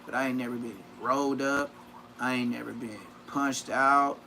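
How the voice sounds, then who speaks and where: A gravelly mid-range voice at normal speed, with slight background noise: a man in his 30s tells profane stories on a casual livestream. He's animated, raising his voice to act out quotes.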